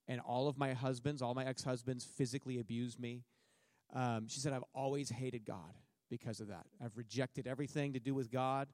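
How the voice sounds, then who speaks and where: In clean studio sound without echo, a middle-aged man with a mid-range voice shares a sermon testimony with a church. He's a missionary with a joking storytelling style, dramatizing what he and others said.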